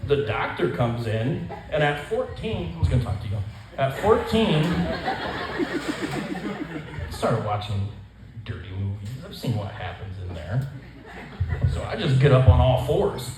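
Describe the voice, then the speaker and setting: A man's voice: mid-range voice, big pitch swings, unhurried, pauses often, noisy background. A young man doing a stand-up set at a live benefit show, telling a crude, profane story. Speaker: stand-up comedian. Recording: echoey room, distant mic, audible ambience.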